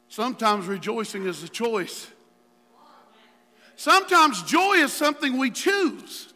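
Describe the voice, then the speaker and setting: A man preaching in a high, bright, ringing voice that swings between hushed pleading and fiery outbursts. His sermon rolls through a large church hall with a long reverb trailing each phrase. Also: sing-song, moderate pace. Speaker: pastor.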